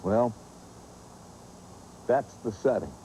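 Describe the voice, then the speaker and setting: A man's voice: medium pitch, very slow, slight background noise, low-quality recording. A man hosting and telling a humorous, nostalgic story with vivid asides. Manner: animated, nostalgic yarn-spinning with vivid asides. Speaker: host and storyteller.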